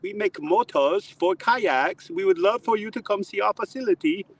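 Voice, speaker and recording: A man's voice: high-pitched, pitched above the performer's own voice. A man putting on an eager businessman. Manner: rushed, pleading. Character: eager German company owner, adult man.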